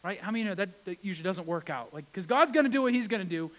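A man preaching a sermon, retelling scripture with lively acted-out quotes. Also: sits high, quick pace, rough recording. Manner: animated, acts out quotes with rising intensity. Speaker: pastor.

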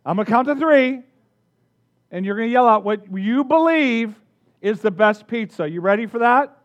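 A man preaching a sermon, energetic, drawing the congregation in with questions and call-outs. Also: very high voice, moderate pace, dull audio. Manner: energetic, engages the audience with questions. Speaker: pastor.

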